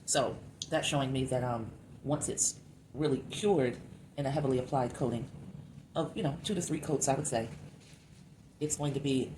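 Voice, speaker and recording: A very low-pitched woman with a slight lisp talks through her crafting in a relaxed, thinking-aloud way. The recording carries clear background noise from the room. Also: normal speed, long pauses. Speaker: craft vlogger. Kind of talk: casual crafting narration.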